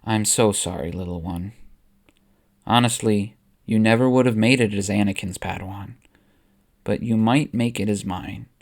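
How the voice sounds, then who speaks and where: A man voicing a grave middle-aged male Jedi master, speaking low and measured. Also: expressive. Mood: solemn.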